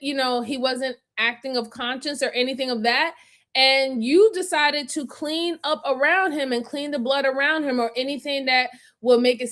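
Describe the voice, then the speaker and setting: High-voiced woman lecturing emphatically. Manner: emphatic, lecturing, repeats points; breaks into loud laughter with chat. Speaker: crime commentary host. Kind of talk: live-stream reaction commentary.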